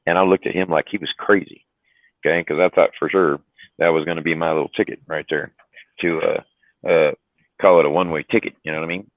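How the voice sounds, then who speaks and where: Man, very deep voice, rambling casual trucker story, tinny phone-like audio, dry. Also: steady tone, a little fast, no room sound. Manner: rambling anecdote with frequent fillers and mild swearing. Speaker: truck driver telling a story on a live stream.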